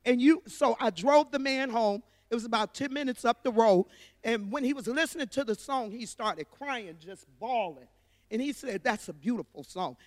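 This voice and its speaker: A woman's voice: fairly high pitch, normal speed, darkish tone, no room sound, big-room sound. A woman sharing a personal testimony at church, telling her story earnestly and from the heart.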